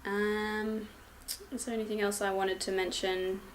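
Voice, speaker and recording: A woman's voice: medium pitch, little pitch movement, measured pace, slight background noise. A young woman and new mother giving a casual vlog update at home, hesitant, with many ums and restarts.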